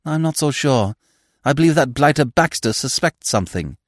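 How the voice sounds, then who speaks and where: A man's voice: mid-range voice, expressive, moderate pace, no room sound, studio quality, pitched above the performer's own voice, close to an everyday voice. A man reading a story voices a nervous, gloomy young aristocrat with a jumpy, earnest manner. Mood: anxious.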